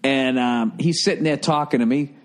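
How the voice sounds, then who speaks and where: Man, podcast host, casual comedic monologue, profane, rambling, mid-pitched voice. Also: normal speed.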